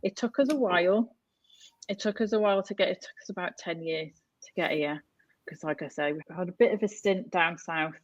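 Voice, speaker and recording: A woman's voice: fairly low pitch, fairly quick, no room sound, muffled recording. A woman in her thirties from North West England, chatting as a podcast guest and telling stories with frequent laughs. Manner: chatty, storytelling, laughs often. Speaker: guest artist. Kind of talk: casual podcast chat.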